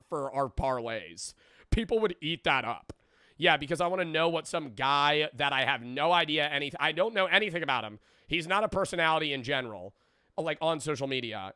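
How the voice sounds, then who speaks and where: A man's voice: a little high, bright, forceful tone, clear, resonant tone, dry recording, studio quality. A young man streaming casual reaction commentary, rambling and sarcastic, swearing constantly.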